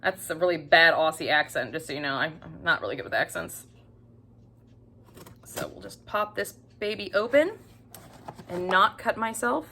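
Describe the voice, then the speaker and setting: A woman's voice: fairly low pitch, lively intonation, normal speed, pauses often, sharp tone, a little hiss or hum. A woman book vlogger in casual chat who gushes about what she's reading, doubling words for emphasis and dropping the odd swear word. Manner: chatty, gushing, doubles her words for emphasis.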